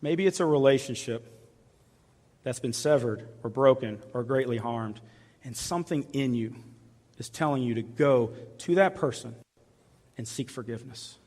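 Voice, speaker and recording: A man preaching a sermon with earnest, repeated appeals, often dropping to soft, hushed tones. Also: mid-range voice, normal speed, long pauses. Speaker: pastor. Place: large church hall. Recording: reverberant church hall.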